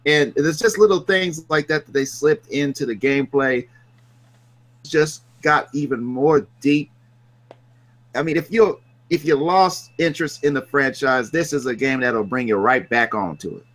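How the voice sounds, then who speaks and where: Bright-toned excited gaming podcast man. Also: mid-range voice, measured pace. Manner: enthusiastic, chiming in with quips. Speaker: podcast co-host. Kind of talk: casual podcast chat.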